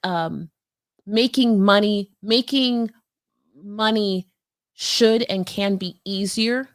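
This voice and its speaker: A woman business founder giving an energetic, conversational motivational talk, with many fillers and restarts. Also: mid-range voice, slow, dry recording, studio quality. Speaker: business coach and company founder.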